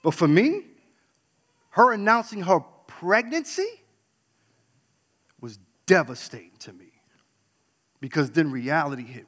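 A man's voice: on the high side, animated, measured pace, pauses often. Candid man telling his story in a hall. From New York. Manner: candid, dramatic swings between loud and hushed. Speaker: speaker. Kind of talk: personal storytelling talk. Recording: long hall reverb.

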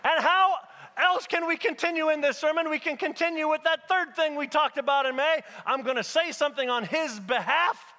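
A man with a high-pitched, squeaky voice preaching a sermon, speaking to the congregation directly in rhythmic, repeated phrases with touches of humor. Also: normal speed, sharp tone, long reverb tail.

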